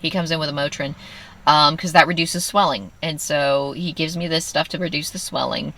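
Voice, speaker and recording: Low-voiced woman telling a candid story. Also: steady tone, moderate pace, fairly bright tone. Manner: candid, wry, quoting others in dialogue. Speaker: vlogger. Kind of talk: personal storytelling.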